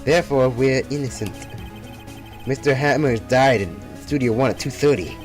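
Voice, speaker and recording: A man's voice: mid-range voice, normal speed, faint music behind, close to an everyday voice. A man putting on a curt, clipped lady producer. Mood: brusque. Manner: terse, clipped, tries a vague Italian accent. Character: curt middle-aged female TV producer, brusque.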